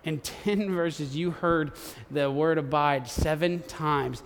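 A man's voice: a little high, steady tone, slow, in a large hall. A man preaching a sermon as pastor, earnest and often repeating words as he builds his points.

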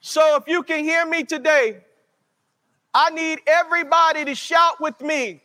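A man preaching from the pulpit with a strikingly high, bright voice. He stretches his words out slowly and calls on the congregation to answer him back. His voice rings with the long reverb of a large church sanctuary. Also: fairly even intonation. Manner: slow, drawn-out preaching with call-and-response. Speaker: pastor. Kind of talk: sermon.

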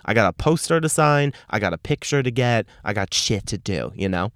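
A man's voice: fairly low pitch, sing-song, fast, few pauses, dry recording, clean studio sound. A man, hosting a podcast and telling a story in a brash, profane, sassy way. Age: late 20s. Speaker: podcast host. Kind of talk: casual storytelling monologue.

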